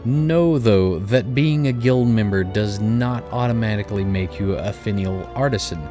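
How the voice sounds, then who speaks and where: A man's voice: fairly low pitch, moderate pace, mellow, lightly acted. A man voicing a formal, long-winded male guild receptionist, reading game dialogue aloud in a stately tone over faint game music.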